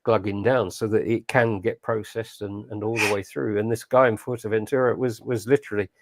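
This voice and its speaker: A man's voice: on the low side, brisk, noisy background. A man co-hosting a casual podcast chat, talking bluntly and acting out what other people said. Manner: blunt and animated, acting out quoted voices. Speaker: podcast co-host.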